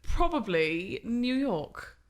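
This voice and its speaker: A woman's voice: fairly high pitch, slow pace. A young woman, a podcast guest chatting casually and acting out her stories with lots of laughter. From England. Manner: animated storyteller, laughing, acting out quotes. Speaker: podcast guest, wedding photographer. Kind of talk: casual chat.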